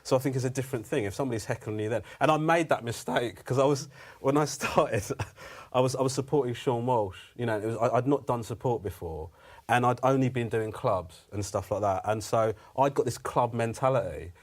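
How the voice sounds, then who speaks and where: A man's voice: medium pitch, fairly quick. Rambling man telling a comedy club story. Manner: rambling, self-interrupting, "do you know what I mean". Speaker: guest comedian. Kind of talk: casual podcast anecdote.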